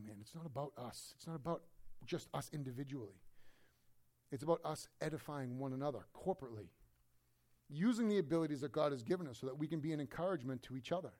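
A man preaching an expository sermon as a pastor. He preaches emphatically, with humorous asides, and swings between loud emphasis and low, quiet remarks. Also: animated, fast talker.

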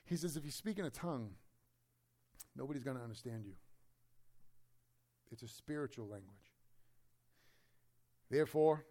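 A man preaching an expository sermon as a pastor. He preaches emphatically, with humorous asides, and swings between loud emphasis and low, quiet remarks.

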